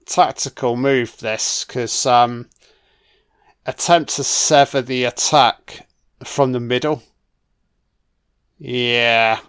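Relaxed man swearing through a commentary. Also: mid-range voice, takes it slowly, long pauses, smooth. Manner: swears freely, reacts excitedly to the action. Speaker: film commentator. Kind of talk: casual film commentary.

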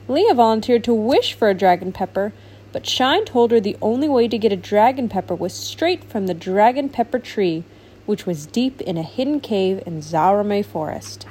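A woman reading a children's storybook aloud with animated, expressive narration. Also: medium pitch, moderate pace, husky. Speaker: storybook reader.

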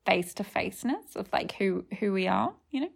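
Podcast co-host, woman, gravelly edge, gossipy casual chat with a mid-range voice. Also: medium pitch, very animated, fairly quick. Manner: chatty, gossipy, trailing restarts.

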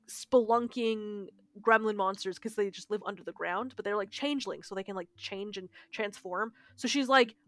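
A woman co-hosting a podcast, telling a story in a casual, animated way and swearing freely. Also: medium pitch, dry recording. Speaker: podcast co-host. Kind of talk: casual chat.

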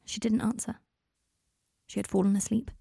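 Audiobook narrator: woman, half-whispered and husky, dry close recording. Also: medium pitch, flat delivery, normal speed, dark tone, no room sound. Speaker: story reader.

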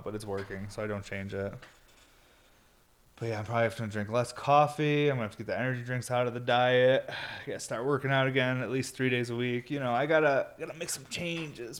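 A tired man rambling casually to his viewers, laid-back and swearing often, yawning as he talks. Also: medium pitch. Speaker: vlogger. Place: indoor workshop or studio.

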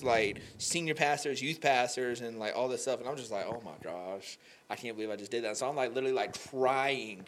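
A young man telling an emotional faith story on a podcast, animated and full of "like" fillers. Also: a little high. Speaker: podcast guest. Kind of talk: candid faith conversation.

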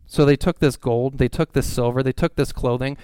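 Guy preaching, smooth clear voice, mid pitch, earnest. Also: fairly even intonation, brisk, warm tone, dry recording. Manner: earnest preaching, rising emphasis on questions. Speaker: pastor. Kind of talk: sermon.

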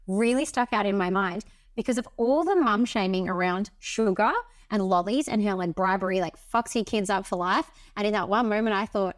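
An Australian woman co-hosting a podcast, chatting casually and acting out the people in her stories. Her voice sits at a middle pitch, recorded close in a dry room with no echo. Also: moderate pace, hardly any pauses. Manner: animated storyteller, acts out quotes. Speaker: podcast co-host. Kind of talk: casual chat.

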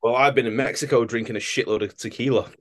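A man's voice: medium pitch, steady tone, fast talker. A young man co-hosting a podcast in casual chat, telling holiday stories and swearing freely. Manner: swears freely, storytelling with mimicked voices. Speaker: podcast co-host.

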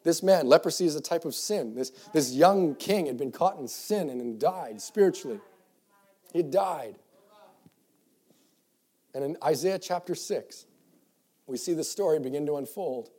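A man preaching a sermon to young people, reading scripture in old-fashioned wording and moving from quiet reflection to loud, fervent exhortation. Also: on the high side, animated, unhurried, pauses often, slightly rough. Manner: reads scripture in King James wording, with repeated restarts.

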